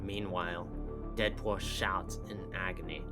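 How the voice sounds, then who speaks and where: Slow-reading low-voiced male narrator. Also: steady tone, pushed and bright, soft background music. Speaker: comic narrator. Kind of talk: scripted comic narration.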